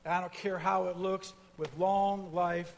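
A male pastor delivers a sermon in a high, bright-sounding voice, stacking repeated promises with growing fervor. Casual asides come between the declarations. His voice rings out with a long hall reverb. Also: level tone, unhurried, slight background noise. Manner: preaching with rising fervor, repetition.

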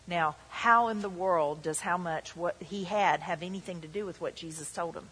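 A woman pastor preaches emphatically in a church hall, acting out the tempter's voice in quotes. Her voice is fairly low, a bit bright, and at normal speed, with a little hiss or hum and the long reverb of a church hall.

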